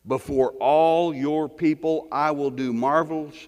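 A man preaching a sermon, impassioned, building to near-shouting peaks, with many repeated words. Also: on the high side, fairly even intonation, slow pace. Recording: long hall reverb.

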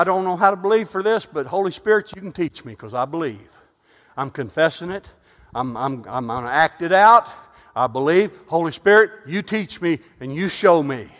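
A middle-aged male pastor preaching a sermon, telling stories in a soft voice and then rising to loud, fervent calls. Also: fairly high pitch, in a large hall. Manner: swings from loud preaching to quiet storytelling. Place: church.

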